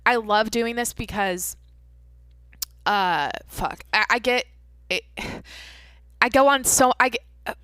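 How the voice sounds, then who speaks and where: Bright, crisp woman chatting casually. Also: a little high, takes it slowly, long pauses, dry recording. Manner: rambling, swears freely, many fillers and restarts. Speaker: podcast host. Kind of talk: casual storytelling chat.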